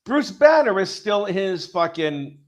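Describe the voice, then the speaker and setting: A man with a fairly high voice chatting casually on a podcast. He rambles, swears freely and jumps into acted-out quotes as he tells a story. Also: sing-song, measured pace. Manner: profane, rambling storyteller who acts out quotes. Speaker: podcast co-host. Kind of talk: casual chat.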